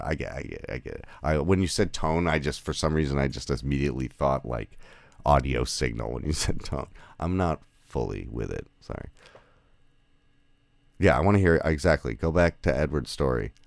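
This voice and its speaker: A podcast host chats casually with remote guests over an audio call, rambling, correcting himself, and laughing often. His voice is rumbling low, creaky, and darkish, with no room sound.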